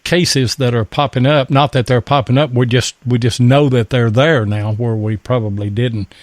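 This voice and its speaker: A man's voice: medium pitch, steady tone, no room sound. Hesitant male radio host, dry sound. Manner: halting, with many fillers and restarts. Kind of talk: casual radio show talk.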